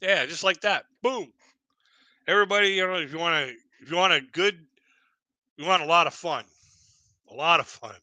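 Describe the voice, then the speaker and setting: Bright-voiced man rambling. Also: fairly high pitch, moderate pace, long pauses, no echo, poor audio. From Canada. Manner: rambling, with many restarts and chuckles. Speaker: livestream host. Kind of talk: casual storytelling chat.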